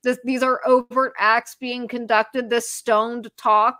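A woman, a journalist guest on a podcast interview, talking in an animated, sarcastic way with many fillers. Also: on the high side, takes it slowly, no room sound, clean studio sound.

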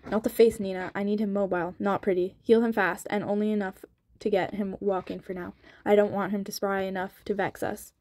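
A woman's voice: mid-range voice, flat delivery, brisk, darkish tone, dry recording, close to an everyday voice. A woman reading the part of a cold, clipped young male gang leader in a sped-up audiobook, with a curt and commanding delivery.

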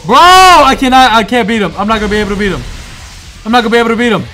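A young man giving excitable let's-play commentary, swearing, laughing and talking back to the game as he plays. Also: extremely high pitch, racing, slight background noise. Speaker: gamer playing through a video game.

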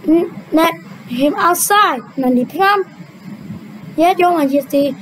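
A young adult woman, a native Vietnamese speaker, reading a children's cartoon story aloud in a sing-song, drawn-out way and switching between character voices. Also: very high-pitched, lively intonation, slight background noise, rough recording. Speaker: storyteller voicing a cartoon retelling.

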